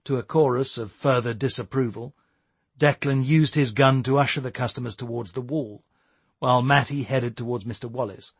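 Male audiobook narrator, husky voice, dry close recording, measured. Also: medium pitch, no room sound. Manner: steady, measured storytelling. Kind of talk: scripted narration.

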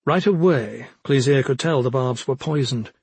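A man narrating a fantasy audiobook in a husky voice, with measured, even storytelling. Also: medium pitch, dry recording.

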